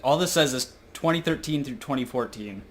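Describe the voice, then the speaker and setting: A man's voice: mid-range voice, animated, brisk, a little hiss or hum. A teenage boy co-hosting a music podcast, rambling and hesitant, with frequent laughs in casual chat. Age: teens. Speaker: podcast co-host.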